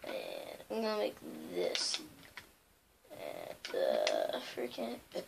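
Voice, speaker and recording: A woman's voice: very deep voice, wildly swooping pitch, slow pace, vocal fry, background noise. A woman hosting a casual let's-play of a video game, rambling along with lots of fillers and loose asides. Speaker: gaming channel host.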